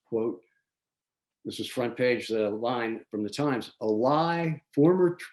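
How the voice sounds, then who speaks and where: A man hosting a local community forum, giving prepared political commentary in a measured way, reading from notes with small restarts. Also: mid-range voice, darkish tone. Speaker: forum host.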